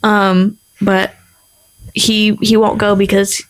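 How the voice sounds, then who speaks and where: A young woman co-hosting a casual podcast, chatting through a family story. She talks in an animated way, full of fillers. She jumps into the voices of the people in her tale. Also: medium pitch, slow. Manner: animated, acts out quoted people, many fillers. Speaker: podcast co-host.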